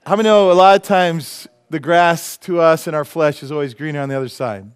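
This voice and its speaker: A man's voice: on the high side, a little fast, clear, resonant tone. A male pastor preaching a sermon in a church, joking and laughing at his own jokes as he goes. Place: church sanctuary.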